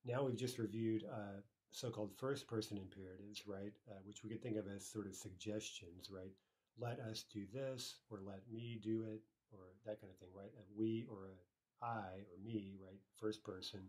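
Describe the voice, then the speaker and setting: A man's voice: lowish voice, steady tone, normal speed, darkish tone. A man teaching a language lesson, patiently explaining grammar and repeating each example aloud.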